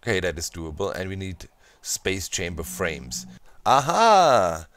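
Animated German man, low voice. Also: a little slow. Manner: animated, playfully scheming, talks to viewers. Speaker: Minecraft let's play host. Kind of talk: gaming commentary.

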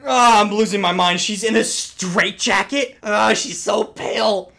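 A young man streaming a reaction to a game trailer, loud and swearing with hyped outbursts. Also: high-pitched, steady tone, unhurried, creaky. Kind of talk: excited reaction commentary.

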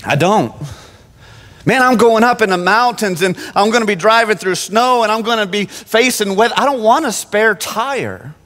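A man preaching an animated sermon from the pulpit, often restarting his phrases. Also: high-pitched, normal speed. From Phoenix. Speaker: pastor. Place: church sanctuary. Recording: long church-hall reverb.

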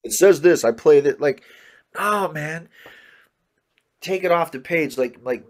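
A man in his fifties telling animated stories as an interview guest, often saying "man" and "you know" and acting out other people's words. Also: a little high, a little slow. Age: 50s. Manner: acts out others' words in quoted dialogue. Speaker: interview guest, jazz musician. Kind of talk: conversational storytelling interview.

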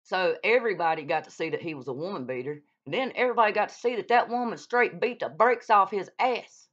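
A woman scolds in a blunt, profane vlog rant. Her voice sits at a middling pitch. The recording is dull and lo-fi. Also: animated, fast, a bit bright. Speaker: YouTube vlogger calling out another creator. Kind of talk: heated casual rant. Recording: dull lo-fi sound.

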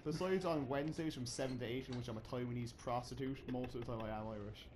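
A man's voice: mid-range voice, fairly even intonation, quick pace, background noise. A man trading teasing jokes with friends while gaming. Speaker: let's play player. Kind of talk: joking game banter.

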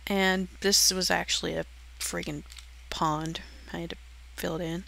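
A young woman chats her way through a game build, giggling and poking fun at herself as she goes. Her voice is bright and a little tense, with a gravelly fry that creeps in at the ends of her phrases. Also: on the low side, steady tone, slow pace, long pauses. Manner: giggly, self-deprecating, chatty. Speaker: channel host touring her build. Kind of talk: casual game walkthrough commentary.

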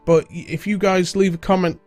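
A man's voice: high-pitched, fairly even intonation, a little fast, a little mellow, no echo, soft background music. A young man with a stuffy nose from a cold, chatting casually as host of a game let's-play. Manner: chatty, rambling, British-sounding slang. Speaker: gaming video host.

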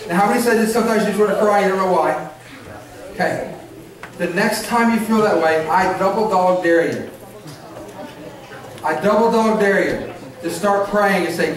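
Earnest pastor in echoing church. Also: male voice, high voice. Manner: earnest, repetitive, promising and urging. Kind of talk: sermon to children and adults. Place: church sanctuary. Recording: echoey church hall, mic at a distance.

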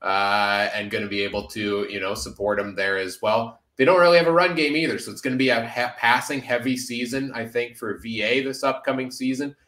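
A man's voice: mid-range voice, steady tone, brisk, few pauses, a bit bright, roomy sound. A man hosting a casual sports podcast, upbeat and full of filler uhs. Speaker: podcast host.

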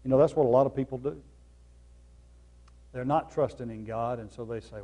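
A man preaching a sermon as pastor, repeating key phrases and swinging between loud, emphatic lines and soft, low ones. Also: normal speed, long pauses.

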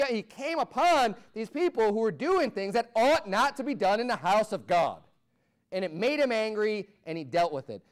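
An American man preaching a sermon as pastor, swinging from loud, rising peaks to low asides. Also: big pitch swings, moderate pace. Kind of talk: fiery Baptist sermon.

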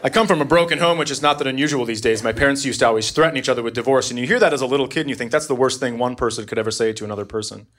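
A man in his thirties doing a stand-up comedy set on a club stage, deadpan and exasperated, jumping into shrill voices for his family. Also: very fast, hardly any pauses. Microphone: handheld stage mic. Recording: live club recording with loud audience. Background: crowd laughter and room noise.

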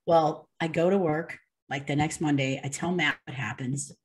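A young woman with a notably low-pitched voice recounts a personal story as an interview guest. She talks in an earnest, unpolished way, full of ums, likes and restarts. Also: normal speed. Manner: earnest, with many fillers and restarts.

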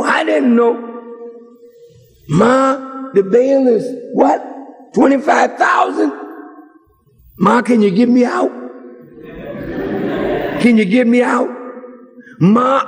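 A man, within a sermon, acting out a panicked young man who stammers and shouts as he begs his mother for help. A long hall reverb is heard. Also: very high voice, exaggerated voice.

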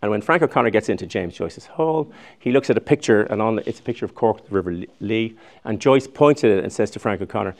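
A man's voice: fairly low pitch, animated, fast. A man in his sixties giving a chatty, digressive public lecture, often restarting his sentences. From Ireland. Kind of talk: recorded public lecture with slides.

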